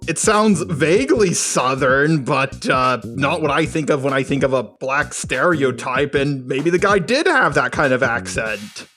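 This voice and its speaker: A man's voice: mid-range voice, lively intonation, a little slow, hardly any pauses, fairly bright tone. A man doing a sarcastic, combative rebuttal commentary voice-over, swearing now and then. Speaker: commentary youtuber.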